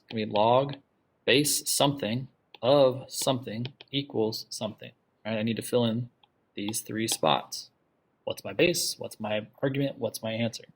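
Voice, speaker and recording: A man teaching a math class, explaining step by step and often stopping to ask "okay?" to check that his students follow. He asks the class questions and repeats the key ideas. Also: mid-range voice. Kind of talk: classroom lecture.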